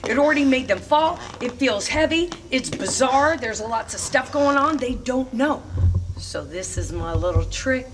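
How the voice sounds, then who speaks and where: A woman's voice: sits high, animated, unhurried, far from the mic, a little hiss or hum. A middle-aged woman coaching parents on teaching kids to roller skate, upbeat and emphatic, breaking into chanted cheers. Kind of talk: instructional talk to parents. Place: roller rink.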